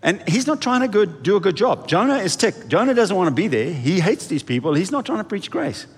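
Male pastor mid-sermon, lively and dramatic delivery acting out quotes, recorded with long church reverb. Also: fairly quick, breathy edge. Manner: animated, acts out quoted voices, lively swings in pitch and volume. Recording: echoey hall reverb.

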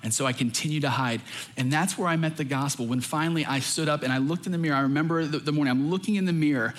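A man's voice: on the high side, fast talker. A young adult man, a pastor, preaching a sermon in an earnest, emphatic way.

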